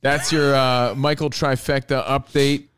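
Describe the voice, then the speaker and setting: A man's voice: medium pitch, little pitch movement, measured pace, fairly bright tone, clean tone, no room sound. A man hosting a casual sports talk show, laid-back and sure of his opinions.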